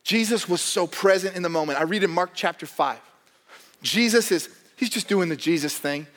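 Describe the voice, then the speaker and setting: A man preaching a sermon as pastor, animated and joking, acting out the voices of characters in the stories he tells. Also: high-pitched, normal speed. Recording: long hall reverb.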